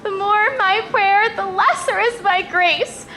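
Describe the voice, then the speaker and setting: A woman's voice: extremely high pitch, slow pace, pushed and bright, faint music behind, full character voice. A young woman playing a lovesick, spurned maiden in a school stage play, pleading breathlessly in verse. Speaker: student actor.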